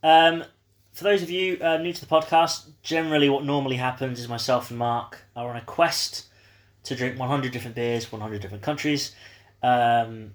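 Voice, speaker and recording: A man's voice: medium pitch, fairly even intonation, moderate pace. A man hosting a beer podcast, chatting casually with lots of ums and uhs. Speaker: podcast host. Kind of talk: casual chat.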